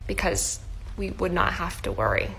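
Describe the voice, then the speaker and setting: Gravelly, low-voiced mother speaking earnestly. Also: very animated, moderate pace, a bit bright, slight background noise, poor audio. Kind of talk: casual storytelling to camera.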